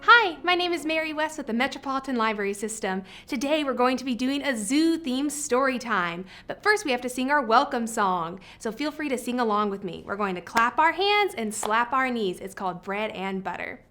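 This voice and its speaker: A woman's voice: high voice, lively intonation, normal speed, few pauses, bright, forceful tone, soft background music. A woman librarian leading a preschool story time, singing along cheerfully with the kids.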